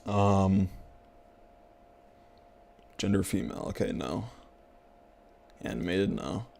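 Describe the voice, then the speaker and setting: Young man with a low, gravelly voice. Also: slow pace, a little mellow. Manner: exasperated, slangy, repeats himself, talks to himself. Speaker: streamer. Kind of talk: casual gaming commentary.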